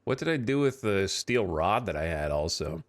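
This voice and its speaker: A man from the United States giving casual, animated commentary as he streams a game and argues with his chat. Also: low-pitched, normal speed. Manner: animated, argumentative, thinks aloud.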